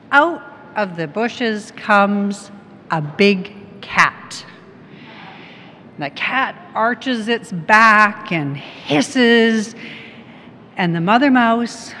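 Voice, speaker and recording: A middle-aged woman from Canada gives a conference talk, asking the audience questions and slipping in small anecdotes. Her voice sits a touch high for a woman. It rings through a large hall with a long reverb tail and faint noise underneath. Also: fairly bright tone. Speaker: conference presenter, tech company head. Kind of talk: conference presentation.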